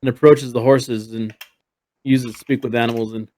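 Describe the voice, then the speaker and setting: A man's voice: mid-range voice, fairly even intonation, moderate pace, darkish tone, rough recording. A man narrating as game master in a streamed tabletop game, rambling and full of fillers. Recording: streamed voice chat.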